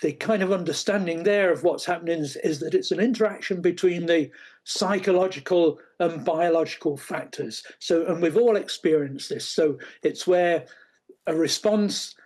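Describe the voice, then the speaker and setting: Halting man explaining at length. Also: on the high side, darkish tone. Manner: halting, many fillers and restarts. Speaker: speech expert guest. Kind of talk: explanatory interview answers.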